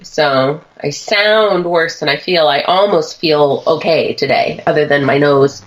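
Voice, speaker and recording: A woman co-hosting a chat show, hoarse from a sinus cold, her voice low and husky, chatty and quick to laugh. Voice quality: lowered, husky sick voice. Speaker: podcast co-host. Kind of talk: casual chat. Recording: dull lo-fi stream audio.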